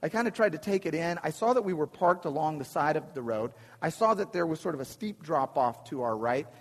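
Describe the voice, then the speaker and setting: A man telling a funny personal story to a live audience, animated and self-deprecating, with lots of restarts. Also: fairly high pitch, fairly quick, big-room sound.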